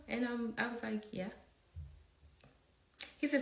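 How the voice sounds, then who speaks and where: A woman's voice: fairly high pitch, fairly even intonation, slow pace, vocal fry, long pauses, echoey room, a little hiss or hum. A young woman telling a story in a casual way, blunt and profane, laughing often and acting out what others said.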